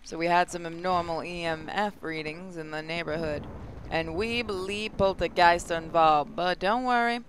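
A man voicing a crude, gruff Australian male ghost-hunter boss who talks bluntly and swears while giving orders. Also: high-pitched, steady tone, normal speed, noisy background, lightly acted. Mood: instructing.

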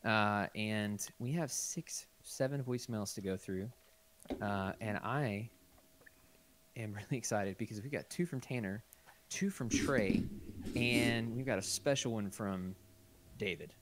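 A man's voice: on the low side, a little slow, a little hiss or hum. A man hosting a podcast in casual chat, introducing voicemails and laughing easily with his co-hosts. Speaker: podcast host.

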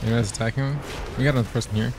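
A game streamer with a medium-pitched voice races through his words while background noise plays. His casual commentary to viewers is excitable and packed with swearing and frequent laughter.

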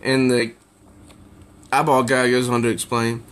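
Slow, amused man reviewing comics. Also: medium pitch, little pitch movement, a bit bright, clean tone. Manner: amused, easily tickled by the jokes. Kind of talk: casual comic review, summarizing pages.

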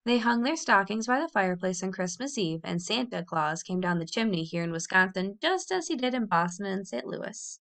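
A woman reading a children's novel aloud in a clear, expressive storytelling voice. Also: mid-range voice, moderate pace, hardly any pauses. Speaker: audiobook reader.

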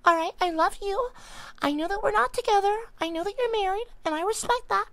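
A man's voice: extremely high pitch, a little fast, dry recording. A man voicing a soothing ex on the phone. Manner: calm, coaxing, soft. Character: soothing ex-partner on the phone, patient.

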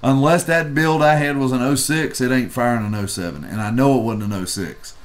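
A man's voice: medium pitch, a little fast. A man co-hosting a vape review show, chatting casually and telling a rambling story with profanity. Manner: rambling and profane, acts out quoted people.

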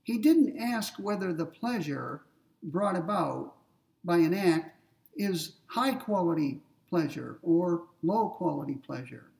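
High, gravelly man lecturing from afar. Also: lively intonation, slow, a little mellow, recorded from a distance. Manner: explains step by step with everyday examples, checks in with "okay?" and "right?". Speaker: philosophy lecturer. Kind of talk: recorded ethics lecture.

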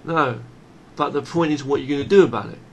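Male monologue, forceful and unpolished, restarts sentences, average pitch. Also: fairly quick, slight background noise. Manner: blunt, emphatic, swears freely; repeats and restarts phrases. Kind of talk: unscripted monologue.

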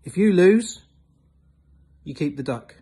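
A man voicing a grumpy middle-aged farmer who talks bluntly and gruffly, with a husky voice. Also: high voice, animated, slow, mellow, pitched above the performer's own voice, full character voice. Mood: scheming.

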